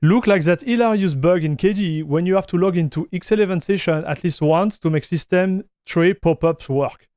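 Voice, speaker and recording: High-voiced southern French man streaming. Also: normal speed, darkish tone, dry recording, studio quality. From France. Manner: casual, addresses viewers as buddy and dude. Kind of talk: live stream chat.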